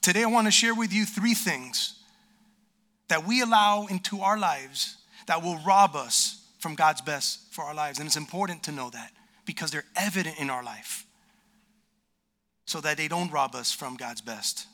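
A man preaching a sermon to a church congregation, animated and lively, acting out the voices of complainers. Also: fairly high pitch, normal speed. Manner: animated, acts out quoted complainers. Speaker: pastor. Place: church sanctuary.

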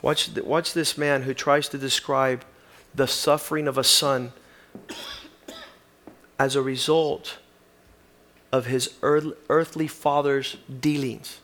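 A man's voice: medium pitch, fairly even intonation, takes it slowly, pauses often, a bit bright. A man preaching a sermon, reading aloud with rising emphatic passion.

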